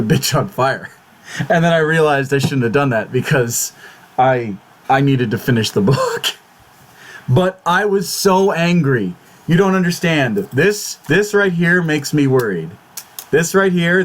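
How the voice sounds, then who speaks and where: A man hosts his own casual vlog, fretting out loud and swearing as he goes. His voice sits a bit high and swings widely in pitch, full of restarts and exclamations. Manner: swears a lot, repeats and restarts words in agitation; fretful, exclamatory. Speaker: YouTube channel host.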